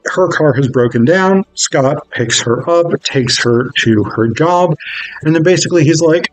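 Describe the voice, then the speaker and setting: A man's voice: mid-range voice, animated, measured pace, no room sound, faint music behind, rough recording. Rambling man recapping a film. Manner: rambling, many fillers and self-corrections. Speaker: film reviewer.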